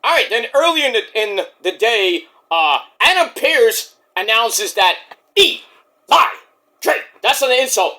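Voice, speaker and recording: Lively, swearing wrestling-recap guy. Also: extremely high pitch, a little slow. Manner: animated, swearing, acts out voices. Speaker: wrestling reviewer. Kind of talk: casual recap.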